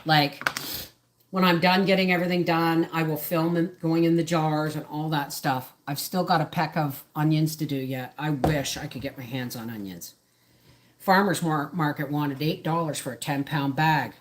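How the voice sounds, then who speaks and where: A woman's voice: low voice, fairly even intonation, normal speed, slight background noise. A middle-aged woman hosting a casual live stream from her home kitchen, rambling and jumping between topics as she chats. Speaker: homesteader livestream host.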